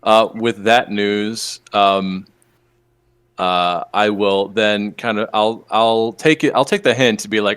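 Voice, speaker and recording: A man's voice: fairly low pitch, fairly even intonation, unhurried, fairly bright tone, clear, resonant tone. A man playing a tabletop role-playing game, talking hesitantly with lots of ums. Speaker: player.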